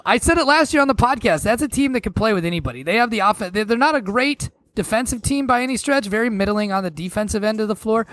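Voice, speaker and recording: A man's voice: sits high, animated, fast talker, few pauses, fairly bright tone, no echo. A man co-hosting a podcast, chatting casually and animatedly about basketball predictions, laughing easily and swearing now and then. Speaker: podcast co-host. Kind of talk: casual sports chat.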